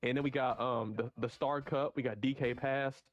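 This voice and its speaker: A man co-hosting a casual gaming podcast, excitedly reading out race tracks and laughing along. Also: mid-range voice, moderate pace, lo-fi sound. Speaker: podcast co-host.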